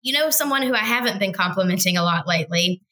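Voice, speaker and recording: A woman's voice: mid-range voice, expressive, fast, bright, forceful tone, low-quality recording. A woman co-hosting a podcast in casual political chat, wry and joking, with laughs between her points. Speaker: podcast co-host.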